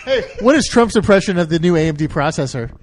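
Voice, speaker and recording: A man's voice: a little high, lively intonation, fast talker, a crowd in the background. A man hosting a casual podcast chat with a wry, teasing manner.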